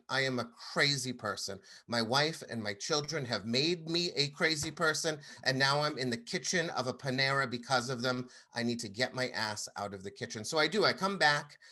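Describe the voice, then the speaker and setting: A man in his thirties telling a personal story to an audience, animated and acting out the people he quotes. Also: medium pitch, moderate pace. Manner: animated, acts out quoted voices.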